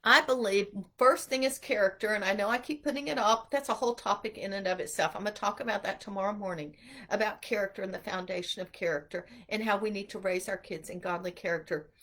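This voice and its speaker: A middle-aged woman giving an earnest, animated inspirational talk to mothers about homeschooling. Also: medium pitch, fast. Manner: animated, earnest, acts out quotes. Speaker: homeschool speaker.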